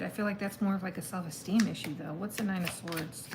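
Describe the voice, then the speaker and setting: A woman's voice: mid-range voice, a little fast, few pauses, slight background noise, poor audio. Chatty woman doing a tarot reading. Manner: chatty, thinks aloud, exclaims at the cards. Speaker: tarot reader. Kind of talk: casual live tarot reading.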